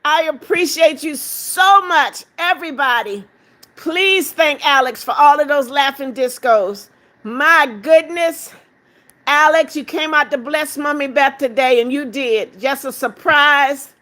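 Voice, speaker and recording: At a measured pace, a high-voiced woman runs her livestream by reading the chat aloud. She keeps calling her viewers darling, laughing while she tallies the gifts out loud.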